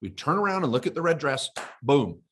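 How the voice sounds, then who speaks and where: A man's voice: fairly high pitch, sing-song, brisk, a bit bright, a little hiss or hum. A man co-hosting a podcast in casual chat, telling stories and acting out quoted voices with energy. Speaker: podcast co-host.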